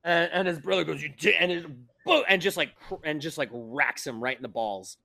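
Gravelly-voiced man running a tabletop game. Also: a little high, a little fast. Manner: rambling, animated, full of sound effects. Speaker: game master.

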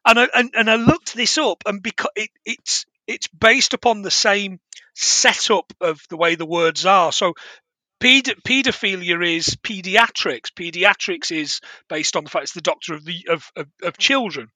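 Bright, high-voiced man. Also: normal speed, dry recording. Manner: rambling, laughs often, trailing restarts. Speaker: podcast co-host. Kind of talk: casual film review chat.

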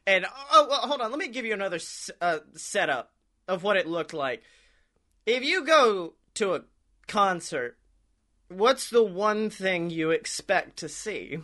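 A man with a high, bright, sharp voice tells a rambling story on a podcast. He swears freely, laughs a lot and acts out what people said to him. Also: sing-song, a little slow. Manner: rambling, profane, laughs often, acts out quotes. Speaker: podcast co-host. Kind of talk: casual storytelling chat.

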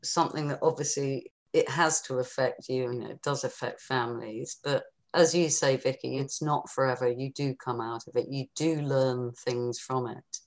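A woman's voice: rumbling low, fairly even intonation, moderate pace, hardly any pauses. A middle-aged woman, a counsellor, talking in a reassuring and earnest way in a podcast interview. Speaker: postnatal depression counsellor.

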